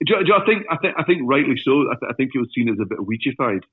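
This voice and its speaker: A man's voice: mid-range voice, rapid-fire, slightly rough, no room sound. A Glaswegian man, an actor guest on a podcast, joking and swearing in casual chat. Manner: jokey, self-deprecating, lively storytelling with swearing. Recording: tinny, phone-like remote call line.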